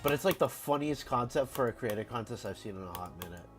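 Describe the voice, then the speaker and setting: A man's voice: mid-range voice, expressive, fast, soft background music. A man with a head cold chatting casually on a game stream, rambling and repeating words as he restarts sentences. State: congested from a cold. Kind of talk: casual live-stream chat.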